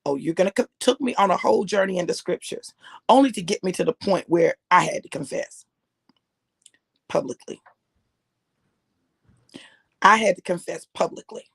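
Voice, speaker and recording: A middle-aged woman preaching, her voice gravelly and husky. She talks conversationally, circling back and repeating phrases for emphasis. The recording is close and dry, with no room sound. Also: fairly low pitch, no echo. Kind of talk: personal testimony sermon.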